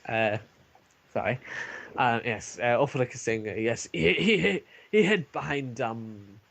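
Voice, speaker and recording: Halting, husky-voiced man narrating a game. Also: medium pitch, fairly bright tone. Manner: halting, many fillers and restarts. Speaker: game master. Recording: lo-fi online call.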